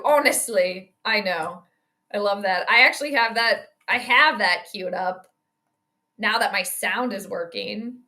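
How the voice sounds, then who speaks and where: A woman's voice: medium pitch, a little slow, pushed and bright. A woman hosting a casual livestream, rambling chattily through game reactions, viewer greetings and tangents. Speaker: livestream host doing game commentary and astrology predictions. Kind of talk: casual live-stream chat and play-by-play reactions.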